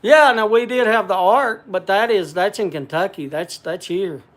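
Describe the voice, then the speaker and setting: A man's voice: high-pitched, normal speed, fairly bright tone. An older man hosting a casual livestream, rambling in a folksy country way and answering viewer comments. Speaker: livestream host.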